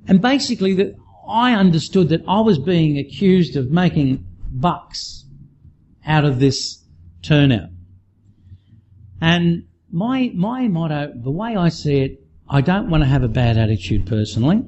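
A man preaches in a fairly high voice that rises and falls with lively swings, talking casually and often starting his sentences over. The recording sounds dull and lo-fi. A faint room ambience sits underneath. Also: a little slow, slight background noise. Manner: conversational and animated, frequent restarts. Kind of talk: sermon.

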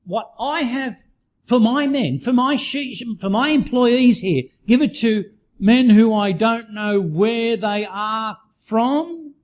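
A man voicing a scornful, wealthy landowner who shouts indignantly at visitors in a retold story. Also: very high-pitched, slow pace, lo-fi sound, voice pushed up.

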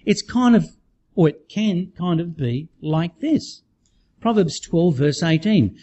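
A man giving a sermon in a conversational, animated way, often restarting his sentences. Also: fairly high pitch, slow pace. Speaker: preacher.

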